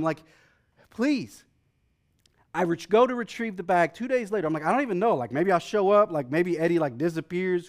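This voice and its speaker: A man preaching a sermon, telling a personal travel story with excitable energy and acting out the people in it before settling into calmer Bible teaching. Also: high voice. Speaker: pastor.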